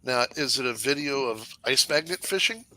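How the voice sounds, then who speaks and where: Bright-voiced folksy joking man. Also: medium pitch, lively intonation, normal speed. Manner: folksy, teasing banter. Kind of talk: casual live-stream chat.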